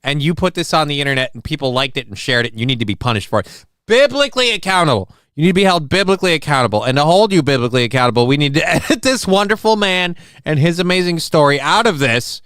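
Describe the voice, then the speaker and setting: A man's voice: a little high, lively intonation, fast, few pauses, fairly bright tone, smooth, dry recording, clean studio sound. A man hosting a live show, ranting with heat, sarcasm and lots of swearing as he reacts to videos. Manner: profane, heated, sarcastic. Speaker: host of a live call-in show.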